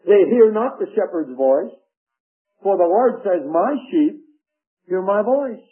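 A man preaching a sermon, slow and emphatic, reading scripture aloud. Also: high voice, expressive. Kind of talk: radio sermon. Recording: tinny phone-like radio broadcast.

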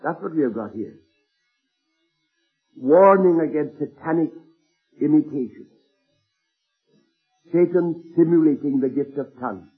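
A man delivers a sermon in a husky voice, earnestly retelling anecdotes and slowing down to stress key words. The recording is thin and phone-like, as if taken from an old sermon tape, with faint music behind him. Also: fairly high pitch, animated. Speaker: preacher. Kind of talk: sermon storytelling.

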